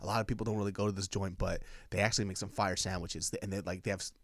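A man co-hosting a podcast in casual chat, who swears a lot and gets loud at the punchlines. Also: low-pitched, rapid-fire, a little hiss or hum. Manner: excitable, swearing, shouting in punchlines. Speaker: podcast co-host.

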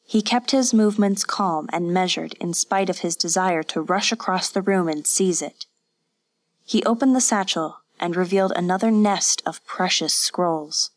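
Here an audiobook is narrated from a script by a woman whose pitch sits fairly low. She tells the story evenly and deliberately, and there's no echo.

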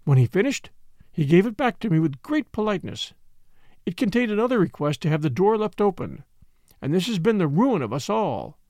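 A man's voice: high voice, big pitch swings, fairly quick, a little mellow, no room sound, studio quality. A man voicing a distraught young noblewoman in an audiobook, pleading and tremulous. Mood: weary. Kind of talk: audiobook character reading.

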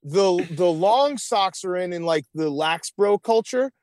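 Male podcast guest, slightly high pitch, eager and emphatic, repeats himself, dry close mic. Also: lively intonation, measured pace, darkish tone, no echo. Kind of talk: casual chat.

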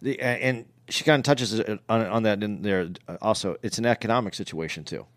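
Man, podcast co-host, low voice, hesitant with many fillers, dry recording. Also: fairly quick, no room sound. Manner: hesitant, filler-heavy commentary. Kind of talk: casual chat.

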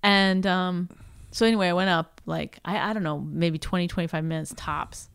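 A woman's voice: on the low side, steady tone, normal speed, clear, resonant tone. A woman stand-up comedian chatting casually, telling a rambling story full of restarts and quoted voices. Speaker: stand-up comedian, podcast co-host. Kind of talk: casual chat.

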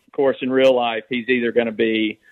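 A man calling in to a sports radio show, telling a joke in a rambling, halting way. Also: mid-range voice, flat delivery, no echo, narrow, tinny audio. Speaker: caller. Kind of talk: casual call-in chat and joke telling.

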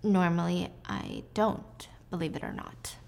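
A woman reading the lines of a calm, cold-blooded female teacher near forty, sounding composed and cutting. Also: lowish voice, measured pace, gravelly. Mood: cool.

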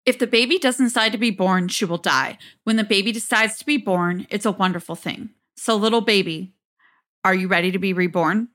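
A female therapist speaks in a calm, coaxing tone that can turn harsh, as a woman reads her lines from a transcript. The voice is bright and crisp. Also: medium pitch, brisk, lightly acted. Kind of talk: dramatic transcript reading.

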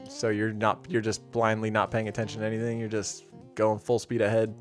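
A man's voice: lowish voice, monotone, a little fast, faint music behind. A man in his thirties, co-hosting a podcast in casual banter, joking and crude as he tries out slang. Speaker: podcast co-host.

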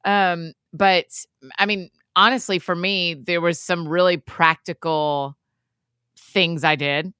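A woman co-hosting a podcast in casual chat, chatty, with quick asides and frequent laughs. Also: on the low side, fairly even intonation, pushed and bright, smooth, dry recording, studio quality. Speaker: podcast co-host.

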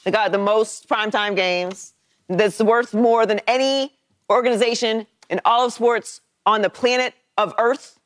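Woman, sports co-host, high lively voice, dry close sound, measured argument. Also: dry recording. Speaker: sports talk show co-host. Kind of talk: sports debate.

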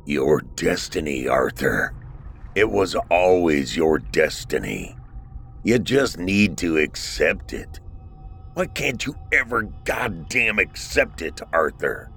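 A man voicing a weathered, cryptic old man who speaks in a slow rural drawl. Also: low-pitched, big pitch swings, creaky, a bit bright, faint music behind, full character voice. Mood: angry.

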